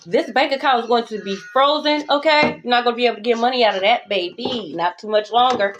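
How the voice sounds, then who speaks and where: A woman's voice: a little high, fast, a bit bright, dull audio, a little hiss or hum. A young adult woman giving a casual tarot reading monologue, blunt, profane and sassy, repeating phrases for emphasis. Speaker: tarot reader.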